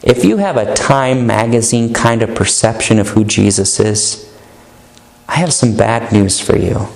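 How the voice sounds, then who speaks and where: A man's voice: lowish voice, a little slow, vocal fry, a little mellow. A male pastor preaching a sermon in an earnest, emphatic manner, stretching out key words. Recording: echoey room.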